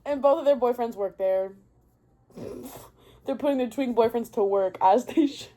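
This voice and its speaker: Rambling, excitable young woman vlogger. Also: a little high, normal speed. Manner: rambling and excitable, often losing her thread. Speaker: book vlogger. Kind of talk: casual book rant.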